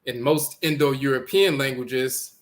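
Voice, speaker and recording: A man lecturing on language origins, deliberately spelling out letters and repeating each word as he points to text on screen. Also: mid-range voice.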